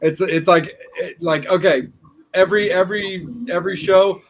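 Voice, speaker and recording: A man co-hosting a podcast, his voice sitting somewhat high for a man. He chimes in with quick agreements and loose, rambling asides. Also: steady tone, slight background noise. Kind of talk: casual interview chat.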